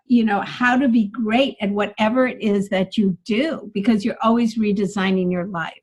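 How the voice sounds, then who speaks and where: A woman teaching a live online workshop as a speaking coach, upbeat and encouraging, chatting with her students by name over a video call. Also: mid-range voice.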